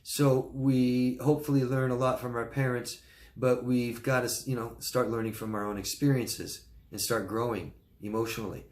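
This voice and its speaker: A man's voice: mid-range voice, steady tone, normal speed, darkish tone. A male life coach giving advice in a live question-and-answer talk, speaking earnestly and informally, often checking in with "right?" and restarting his words.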